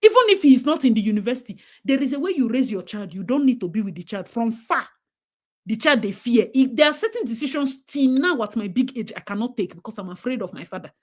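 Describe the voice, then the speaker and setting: Emphatic Nigerian woman, fairly high voice. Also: animated, quick pace, a little mellow. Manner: emphatic, switching into Pidgin, acting out quoted parents. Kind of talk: casual talk-show discussion.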